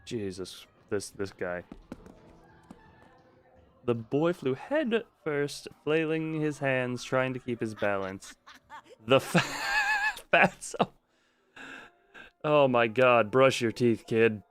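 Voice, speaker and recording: A man's voice: mid-range voice, wildly swooping pitch, slow, fairly bright tone, clean tone, faint music behind. A man streaming a game, reading the on-screen text aloud and breaking off for joking remarks. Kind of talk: live gameplay stream, reading a visual novel aloud.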